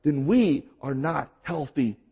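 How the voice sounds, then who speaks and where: A male pastor delivering a sermon, his voice sitting high and swinging widely in pitch. There is a husky edge to it as he presses his points with emphatic rhetorical questions. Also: lively intonation, slow pace, warm tone, highs cut off.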